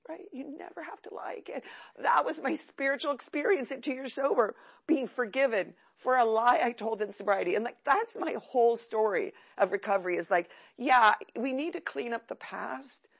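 Woman, 50s, from California. Gravelly, talkative, frank recovery testimony. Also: on the high side, moderate pace. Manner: chatty, frank, self-mocking. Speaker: speaker sharing at a recovery meeting. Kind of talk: candid personal testimony.

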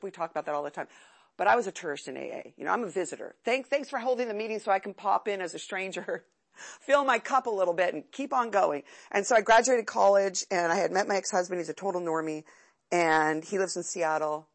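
Speaking fast and expressively in a medium-pitched voice, a woman in her fifties from California tells her personal story at a recovery meeting. She's candid and talkative, often poking fun at herself.

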